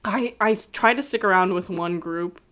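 A woman's voice: medium pitch, normal speed, a bit bright. A woman chatting casually and animatedly about an online game, laughing often. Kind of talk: casual chat.

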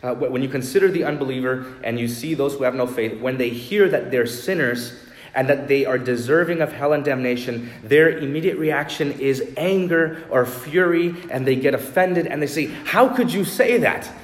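A male pastor preaches with earnest conviction, slowing and softening his voice to press a point home. His voice is mid-pitched. The sound is roomy, with a long church reverb trailing each phrase. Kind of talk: sermon.

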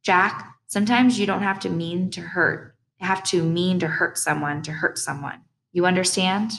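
A woman reading an audiobook voices a stern, devout babysitter who scolds slowly and calls on the Lord. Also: on the low side, fairly even intonation, gravelly, fairly bright tone. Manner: slow, scolding, talks of the Lord.

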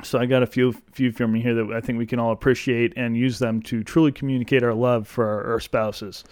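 Guy on a podcast reading letters all hammy, smooth resonant voice, dry close mic. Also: medium pitch, flat delivery, fairly quick, darkish tone, no room sound. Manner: reads with mock-romantic delivery, laughs often. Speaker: podcast co-host. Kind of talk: casual chat, reading letters aloud.

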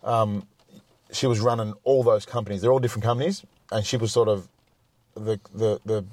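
A man tells a long, rambling story as a guest on a talk show. His voice sits fairly low. He swears freely and restarts his sentences often, all recorded close and dry. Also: fairly even intonation, brisk, darkish tone, no room sound. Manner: rambling, profane, frequent restarts. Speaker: podcast guest. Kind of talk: casual storytelling.

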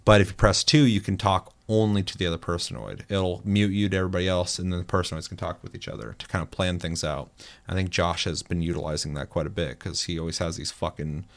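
Deep-voiced dude ranting about his game matches, swears constantly, gets worked up. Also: quick pace, vocal fry. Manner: animated storytelling, heavy swearing. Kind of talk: casual gaming chat.

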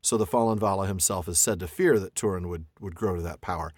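A man's voice: low-pitched, quick pace, darkish tone, dry recording, clean studio sound. A man co-hosting a podcast in a casual book discussion, thinking aloud and reading quotes with frequent restarts. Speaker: podcast co-host.

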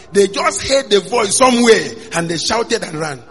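A man, a pastor telling his story in a sermon, dropping to a hush and then bursting into shouts. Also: sits high, big pitch swings, a little slow, few pauses, husky. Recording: long hall reverb with faint music.

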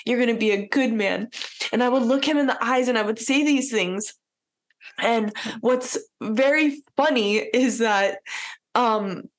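A woman speaks in a casual podcast chat, earnest and heartfelt, with plenty of "like" fillers. Her voice sits a little higher than most women's. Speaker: podcast co-host.

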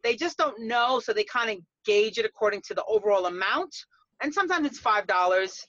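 A woman with a New York accent, a dog groomer chatting casually on a podcast, lively and quick to laugh. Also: mid-range voice, no room sound, muffled recording. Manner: lively, laughs often, drops into playful voices.

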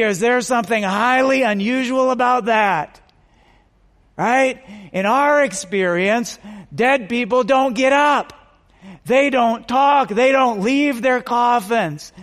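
Male pastor, high voice, unhurried sermon full of rhetorical questions, hall reverb. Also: fairly bright tone. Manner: dramatic pauses, rhetorical questions.

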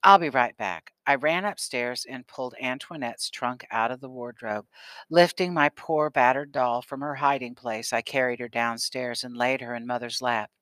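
A man narrating a first-person children's novel as an audiobook, in a calm storytelling manner. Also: medium pitch, moderate pace, no room sound. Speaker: audiobook reader.

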